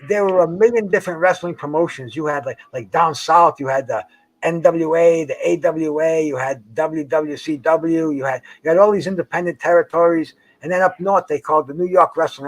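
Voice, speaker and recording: Rambling, profane older man. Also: fairly high pitch. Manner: rambling, profane, stumbling restarts. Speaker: host. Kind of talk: casual chat. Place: outdoors by a dock on the water.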